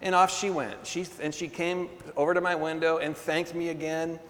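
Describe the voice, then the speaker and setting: A man preaching a sermon, telling a story with animated energy, laughing often and calling for responses from the congregation. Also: on the high side, normal speed. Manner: laughs often between phrases. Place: church hall. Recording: long hall reverb.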